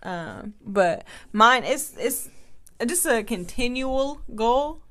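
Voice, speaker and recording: A woman's voice: fairly high pitch, lively intonation, slow pace, bright, forceful tone. A young woman co-hosting a podcast, casual and candid, joking in slangy everyday speech. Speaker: podcast co-host. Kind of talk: casual chat.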